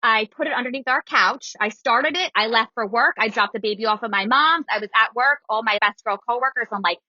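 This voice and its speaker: A woman in her thirties tells a personal story in a casual podcast chat. Her voice is bright and clear, and she acts out the lines of the people in it. The sound is dry and a little dull. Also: a little high, fairly quick, hardly any pauses, no echo. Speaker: guest storyteller.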